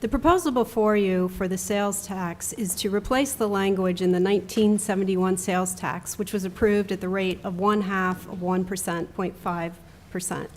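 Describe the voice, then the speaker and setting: Flat, businesslike woman administrator. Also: medium pitch, moderate pace, slight background noise. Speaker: county administrator. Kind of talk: formal briefing. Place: county meeting room.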